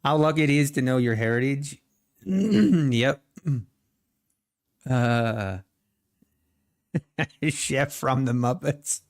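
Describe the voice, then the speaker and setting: Hosting a day-trading livestream, a man with a native Pennsylvania Dutch accent banters casually with his audience. He speaks at a medium pitch, extremely slowly, and pauses often.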